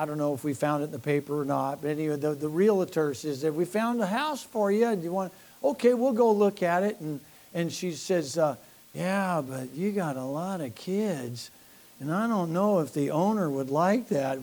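An older man, a pastor, telling church-planting stories in a folksy, animated sermon with laughs and asides. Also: fairly high pitch. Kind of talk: sermon storytelling.

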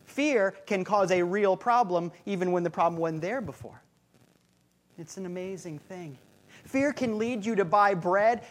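A man's voice: sits high, unhurried. Male pastor, sermon, humorous storyteller, repeats key lines for emphasis. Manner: conversational, humorous storytelling with rhythmic repetition.

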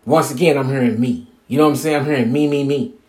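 A man's voice: medium pitch, steady tone, fast, darkish tone. A man hosting a podcast, talking in a casual, profane, streetwise monologue and mocking other people's demands with "blah, blah". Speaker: podcast host.

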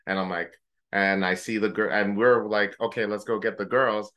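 A man co-hosting a podcast, telling a story in casual chat, animated, swearing freely and mimicking friends in high joking voices. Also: normal speed. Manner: swears casually, uses gamer slang. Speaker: podcast co-host.

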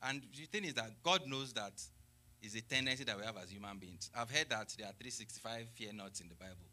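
A man's voice: fairly low pitch, fairly quick, pushed and bright. A man preaching a sermon who reads scripture aloud and explains it with rhetorical questions and exclamations of praise.

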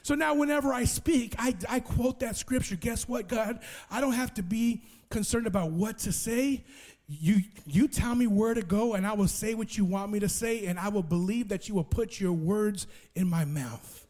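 A man preaching, telling his testimony as a lively story and restarting with repeated words. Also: high-pitched, moderate pace. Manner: lively storyteller who acts out other people's voices.

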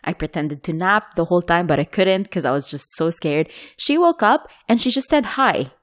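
A woman from the United Arab Emirates telling a story in a casual chat, animated and laughing often. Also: on the low side, normal speed.

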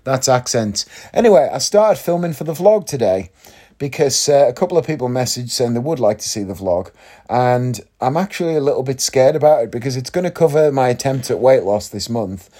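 A man's voice: mid-range voice, lively intonation, fairly quick, mellow. Chatty man musing in a vlog. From Northeast England. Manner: chatty, leans on tag questions like "isn't it?". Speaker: vlogger. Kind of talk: casual vlog monologue.

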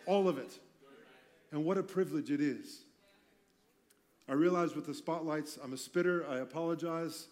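A man's voice: fairly high pitch, normal speed, long pauses, darkish tone. A man pastor giving a conversational sermon in a church, mixing teaching with self-deprecating jokes. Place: church sanctuary.

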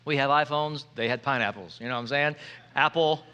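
A man's voice: medium pitch, a little fast, pushed and bright, smooth. A man preaching a sermon, playful and joking, calling out to the congregation for responses. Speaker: pastor.

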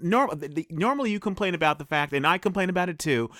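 Man, fairly high voice, animated, casual review chat, dry close recording. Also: dry recording. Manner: animated, interrupts with quick asides. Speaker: podcast co-host.

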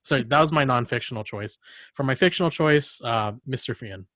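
A young man chats on his podcast in a middle-pitched voice, telling long rambling stories packed with fillers and quick laughs. The sound is close and dry, with no room around it. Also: a bit bright, no echo. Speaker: podcast host. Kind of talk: casual chat.

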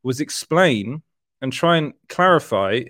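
A man's voice: medium pitch, lively intonation, measured pace, a bit bright, no room sound. British male host, casual rambler who keeps restarting his sentences, dry close sound. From Britain. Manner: rambling, self-correcting, laughs often. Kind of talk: casual livestream chat.

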